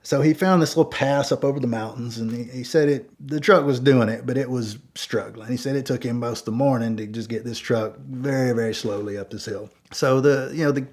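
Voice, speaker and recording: A man telling a long story in a casual, animated way, with many fillers and repeated words. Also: medium pitch, a little fast, few pauses. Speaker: storyteller guest.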